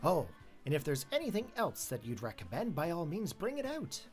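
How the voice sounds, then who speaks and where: Posh, chummy tea-house regular done by a streamer, big lilting pitch swings. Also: wildly swooping pitch, moderate pace, faint music behind. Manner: put-on posh, chummy accent. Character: jovial male regular ordering at a tea house.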